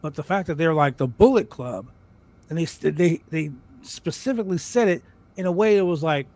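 A man co-hosting a wrestling podcast in casual chat, talking in an excited, rambling way with repeated words and swearing. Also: fairly high pitch, moderate pace. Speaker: podcast co-host.

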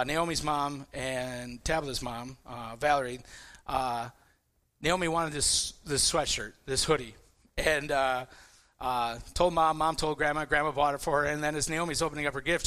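A man with a fairly high, bright voice preaching in a relaxed, conversational way. He stumbles and repeats words as he goes and livens up as his personal stories unfold. He sounds about forty. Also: normal speed. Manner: repetitive restarts, animated storytelling. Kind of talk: casual sermon with personal stories.

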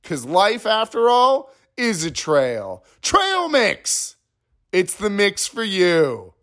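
A man's voice: sits high, huge pitch swings, slow, fairly bright tone, pitched above the performer's own voice, full character voice. A man putting on an over-eager male ad announcer voice with sing-song mock commercial delivery. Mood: mock-upbeat.

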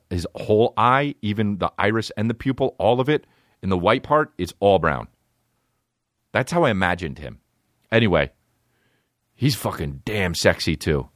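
A man hosting a comedy podcast, telling crude stories full of swearing and breaking into squeaky character voices. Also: no room sound, studio quality. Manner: profane, animated, jumps into high-pitched character voices. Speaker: podcast host.

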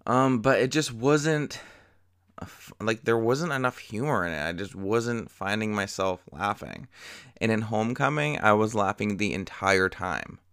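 A man's voice: fairly low pitch, unhurried, creaky, a bit bright, smooth, no room sound, clean studio sound. A young man hosting a casual solo movie review podcast, chatty and profane, rambling with lots of fillers.

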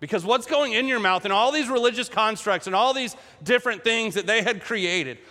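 A man preaching a sermon in a casual, humorous and animated way. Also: high-pitched, a little fast. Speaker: pastor. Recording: echoey hall.

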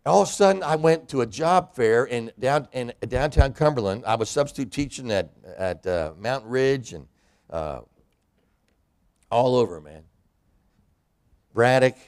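A man's voice: medium pitch, animated, measured pace, long pauses, darkish tone. A man preaching a sermon in a church, a pastor and hospital chaplain who acts out the voices of people in scripture.

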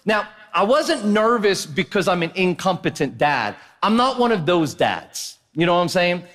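A man in his thirties preaching a sermon as pastor, telling a funny family story in an animated, joking way and often asking the crowd "right?". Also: sits high, normal speed. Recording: long hall reverb of a church.

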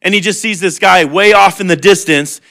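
A man's voice: high voice, moderate pace, bright, forceful tone. A man preaching a sermon in an earnest, conversational way, mixing humor with heartfelt appeal. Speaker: pastor.

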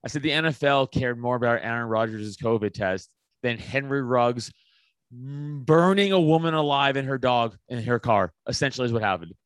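A man's voice: medium pitch, normal speed, no echo. A man from the United States, a comedian guesting on a podcast, ranting bluntly with heavy swearing in casual chat.

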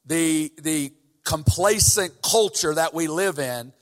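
A man's voice: fairly high pitch, slow pace. A man preaching a sermon in a church, talking casually at first and then building to fervent emphasis. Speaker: guest preacher. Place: church sanctuary. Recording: church hall reverb.

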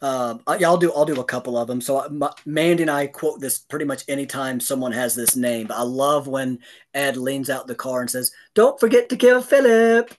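A man's voice: fairly even intonation, a little fast. Male podcast co-host, casual, chuckly, medium voice. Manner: laughs often, acts out lines in a high voice. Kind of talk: casual film podcast chat.

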